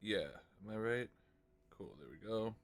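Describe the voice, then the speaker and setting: A man streaming while he composes, thinking aloud in a relaxed way and now and then scatting a melody. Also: lowish voice, measured pace. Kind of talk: casual livestream talk. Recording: faint music under voice.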